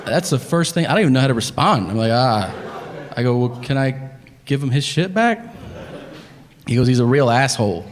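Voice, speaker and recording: Male stand-up comic, lively pitch, swearing storyteller, stage mic with long hall reverb. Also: normal speed, long pauses. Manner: animated, profane, acts out others with grunts and flat voices. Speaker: stand-up comedian. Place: comedy stage before a live audience.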